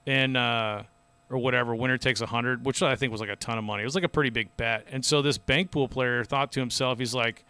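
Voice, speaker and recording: Smooth-voiced man rambling through stories. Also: mid-range voice, fairly even intonation, brisk, pushed and bright. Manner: rambling storyteller, loose and chatty. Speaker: podcast host. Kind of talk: casual podcast chat.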